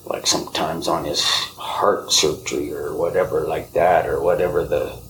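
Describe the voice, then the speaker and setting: A man hosting a podcast, telling spiritual stories softly, often dropping to a whisper. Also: rumbling low, steady tone, noisy background. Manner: slow, soft-spoken, often whispering. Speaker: podcast host. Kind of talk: spiritual storytelling.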